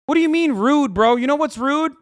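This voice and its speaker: A man livestreaming, ranting angrily and profanely at his chat and often shouting. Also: very high-pitched, fairly quick, no room sound.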